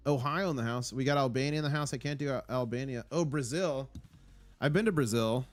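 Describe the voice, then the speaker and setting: A man's voice: mid-range voice, a little fast, no room sound, faint music behind. A man hosting a casual live stream, reading out viewer comments in an upbeat, rambling way. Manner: rambling, with fillers and restarts. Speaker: livestream host.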